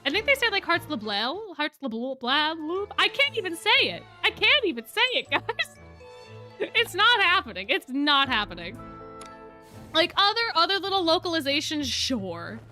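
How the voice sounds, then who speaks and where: A young woman chats to her stream on a desk mic, her voice high and bright and swinging all over the place. She gushes like an excited fan and keeps repeating herself. Faint music plays underneath. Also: normal speed. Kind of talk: casual reaction chat.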